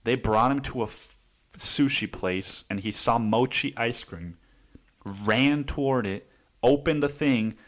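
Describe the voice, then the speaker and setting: A man's voice: mid-range voice, measured pace. A man hosting a podcast, telling a story in a casual, heated monologue full of swearing and "dude.". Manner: profane, heated, says "dude" often. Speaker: podcast host.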